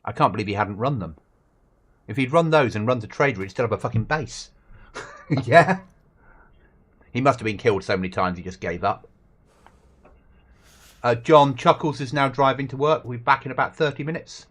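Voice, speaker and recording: A man's voice: mid-range voice, a little fast, fairly bright tone. A man chatting casually and swearing while livestreaming a survival game with friends. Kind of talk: casual gaming chat.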